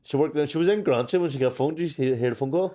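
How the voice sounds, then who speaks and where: A man's voice: fairly high pitch, rapid-fire, mellow. A man co-hosting a casual chat, swearing freely and laughing through his stories. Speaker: podcast co-host.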